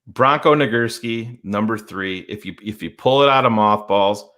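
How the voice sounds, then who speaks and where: Blunt low-voiced sports talk man. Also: normal speed, fairly bright tone. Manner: confident, blunt, swearing. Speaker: co-host. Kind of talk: casual sports talk show.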